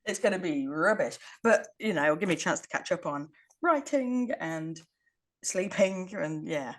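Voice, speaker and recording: A woman's voice: lowish voice, lively intonation, moderate pace. A woman co-hosting a podcast, chatting casually in a wry, rambling way and laughing often. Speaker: podcast co-host. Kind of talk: casual chat.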